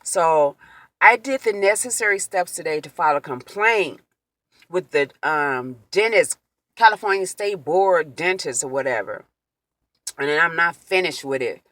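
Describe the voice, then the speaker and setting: Woman, vlog storytime, emotional and animated, bright voice, dry room. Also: sits low, measured pace, no echo. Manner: emotional, animated retelling with quoted exclamations. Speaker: vlogger.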